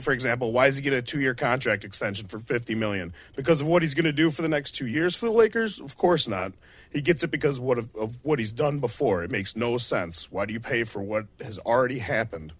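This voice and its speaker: Indignant sports radio co-host ranting. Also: male voice, medium pitch, slightly rough, no echo. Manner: indignant, emphatic, building rant. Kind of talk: opinionated sports rant. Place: radio studio.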